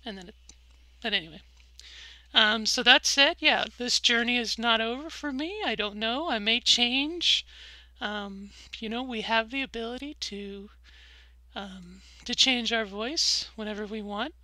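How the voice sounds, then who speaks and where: A woman's voice: on the high side, unhurried, sharp tone, no room sound, poor audio. A middle-aged woman vlogging candidly about her voice journey, rambling a little with fillers and restarts. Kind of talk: candid personal vlog.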